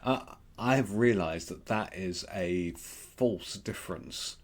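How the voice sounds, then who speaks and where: A man with an Australian accent giving a gentle, reflective Lenten devotional, pausing often with ums. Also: low-pitched. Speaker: preacher.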